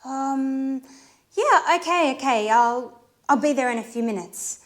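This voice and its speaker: An actress playing an eager, flustered young woman in love, chatting excitedly in a scripted sitcom for English learners. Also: high voice, unhurried. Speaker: Alice, character in a learning sitcom.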